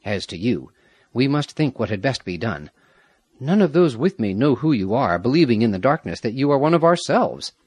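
A man's voice: medium pitch, very animated, normal speed, darkish tone, husky, dry recording. A man reading a commanding young Aztec warrior. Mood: steady.

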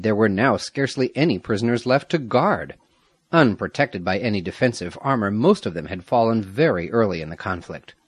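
A man narrating an adventure story in a measured, dramatic reading. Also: fairly low pitch, breathy edge, no echo. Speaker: audiobook narrator. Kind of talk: scripted narration.

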